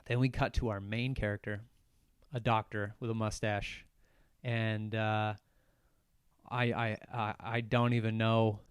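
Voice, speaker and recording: A young man rants through a solo film review on his podcast, swearing freely and piling on sarcasm as he rambles. His voice is smooth and clear, recorded dry and close. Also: lowish voice, little pitch movement, a little slow, long pauses, no room sound. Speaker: podcast host. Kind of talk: solo movie review rant.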